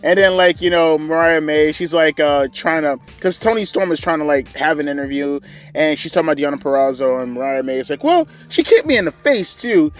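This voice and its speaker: A man's voice: on the high side, steady tone, fairly quick, smooth, soft background music. Sarcastic ranting man reviewing wrestling. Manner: sarcastic, profane, rambling. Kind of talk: casual review rant.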